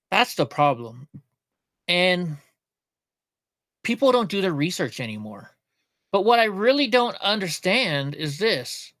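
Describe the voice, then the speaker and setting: A man's voice: high-pitched, a bit bright, no echo, clean studio sound. A middle-aged man from Alaska hosting a casual livestream, rambling and joking as he reads chat comments aloud. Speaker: livestream host.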